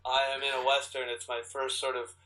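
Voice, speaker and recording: A man, an actor, telling stories in a casual interview, animated and full of restarts as he acts out his own quotes. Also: mid-range voice, fairly quick, over a noisy crowd, rough recording. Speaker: actor guest.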